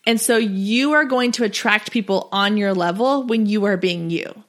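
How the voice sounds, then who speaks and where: A woman's voice: mid-range voice, moderate pace, a bit bright. A woman in her thirties hosting a solo podcast, coaching small business owners in a chatty, direct and encouraging way.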